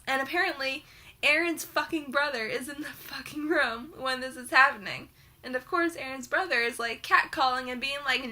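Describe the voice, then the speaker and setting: A young woman with a high, very bright voice tears into a book in a heated, sarcastic rant, swearing in almost every sentence. Her delivery stays high and piercing as the rant goes on. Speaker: book reviewer.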